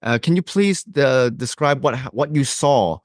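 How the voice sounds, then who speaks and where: A man voicing a bumbling TV field reporter, halting and stammering. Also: medium pitch, lively intonation, dry recording, studio quality, natural voice. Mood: earnest. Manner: halting, stammering with many uhs. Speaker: podcast co-host. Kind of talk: improvised comedy sketch.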